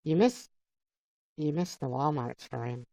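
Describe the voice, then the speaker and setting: A woman hosting a live stream, chatting casually and haltingly as she answers viewers by name. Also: low-pitched, expressive, creaky, warm tone, dry recording. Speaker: livestream host. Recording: dull lo-fi dry sound.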